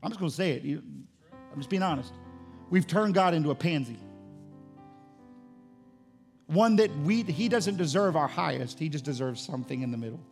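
Man, pastor preaching, gravelly voice, higher pitch, emphatic swells, soft guitar behind. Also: animated, a little fast. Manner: preaching with rising, emphatic bursts. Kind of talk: sermon.

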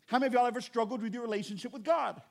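A man preaching a sermon as pastor, animated and conversational, with joking asides to the congregation. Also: very high-pitched, very fast, gravelly.

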